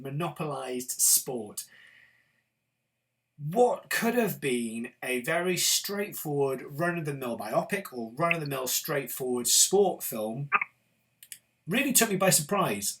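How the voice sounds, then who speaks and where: A man's voice: on the high side, fairly bright tone. A man from Britain hosting a casual film review chat, enthusiastic and opinionated, with the odd swear word. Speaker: film show host.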